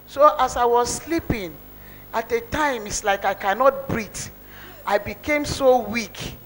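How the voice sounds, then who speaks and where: Lady testifying in church, high voice, earnest and emotional, repeats herself a lot. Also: a little slow, fairly bright tone, poor audio. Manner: earnest, repetitive, emotional storytelling. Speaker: church member giving a testimony.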